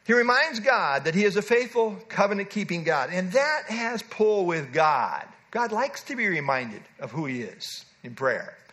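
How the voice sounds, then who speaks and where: A man with a high, bright voice delivers an expository sermon. He teaches earnestly, repeating key words for emphasis. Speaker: preacher.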